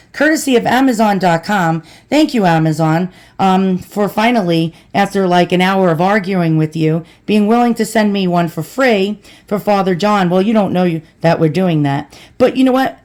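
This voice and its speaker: A woman's voice: medium pitch, darkish tone. Chatty woman vlogging at home. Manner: chatty, rambling, talks to viewers as boys and girls. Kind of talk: casual unboxing vlog.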